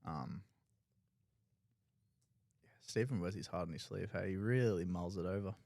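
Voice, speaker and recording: A man's voice: low-pitched, normal speed, gravelly, darkish tone, no room sound, clean studio sound. A man with an Australian accent breaking down poker hands in live commentary, analytical and loose, full of filler words.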